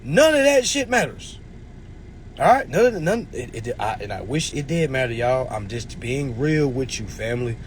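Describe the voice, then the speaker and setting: A man in his twenties hosts a livestream, delivering a blunt, preachy motivational talk and swearing freely. His medium-pitched voice swings widely in pitch at a normal speed, with slight background noise.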